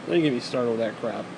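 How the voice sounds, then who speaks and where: A man's voice: mid-range voice, vocal fry, noisy background. A man delivering a heated, profane and sarcastic ranting monologue as a vlogger.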